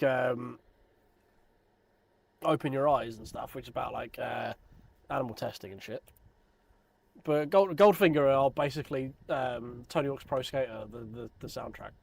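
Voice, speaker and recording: A man's voice: medium pitch, vocal fry. A man in his thirties chatting casually on a sim racing live stream, rambling and joking at his own expense. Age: 30s. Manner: rambling, self-deprecating, joking.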